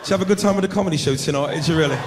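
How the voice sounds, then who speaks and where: A male comedian voicing a smooth-talking, cheeky Englishman who chats up women. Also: fairly high pitch, very fast, lightly acted. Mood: suave. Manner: suave, cheeky, crude. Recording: live club recording with crowd noise.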